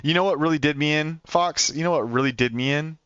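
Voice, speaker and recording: A young man with an Oklahoman accent talks rapidly to his live-stream viewers, stumbling over and repeating words. His voice is bright and forward. The recording is dry and a little dull. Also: a little high, clean tone, no room sound. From Oklahoma, USA. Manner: rapid talker, repeats words, laughs often.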